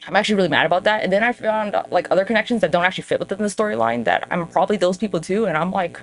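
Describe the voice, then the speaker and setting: A woman hosting a podcast in a casual, rambling monologue, swearing freely and jumping up in pitch for emphasis. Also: very fast, gravelly, hardly any pauses, slight background noise. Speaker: podcast host.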